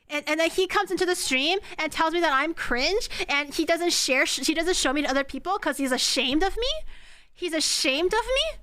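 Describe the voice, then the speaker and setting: A woman's voice: extremely high pitch, expressive, normal speed, pushed and bright. A young woman live-streaming from her home kitchen, chatting casually with her viewers in a playful, teasing way as she cooks. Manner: playful, teasing, bursts into laughter. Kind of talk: casual live-stream chat while cooking.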